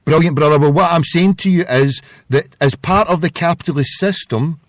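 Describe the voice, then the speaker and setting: Scottish man, caller on a radio phone-in, fairly high voice, dry close sound. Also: moderate pace, dry recording. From Scotland. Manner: chatty, rambling and earnest.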